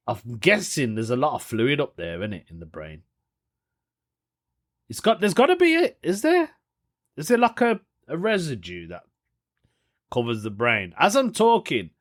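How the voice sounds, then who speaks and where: A man's voice: medium pitch, fairly bright tone. Chatty man laughing at himself. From United Kingdom. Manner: chatty and rambling, laughs often at his own jokes. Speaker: podcast host. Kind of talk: casual solo podcast chat.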